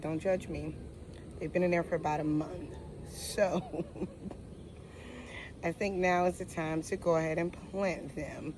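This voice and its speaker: A woman's voice: medium pitch, darkish tone, a little hiss or hum, poor audio. A woman chatting casually to viewers in a gardening vlog, talking outdoors in a yard, a little out of breath. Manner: chatty, homey, talks to viewers as y'all. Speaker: home gardener vlogger.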